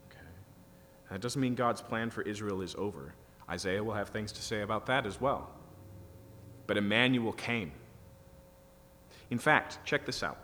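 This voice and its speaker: A man's voice: lowish voice, fairly bright tone. Man preaching in a reverberant hall. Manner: teaching, rising to emphatic bursts. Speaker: pastor. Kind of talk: expository sermon. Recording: reverberant hall with faint hum.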